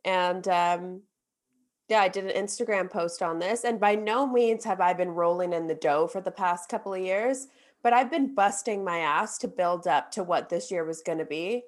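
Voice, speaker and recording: A woman's voice: on the low side, moderate pace. A young woman hosting a podcast, talking candidly about hard times and laughing nervously through it. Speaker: podcast host. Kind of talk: casual chat.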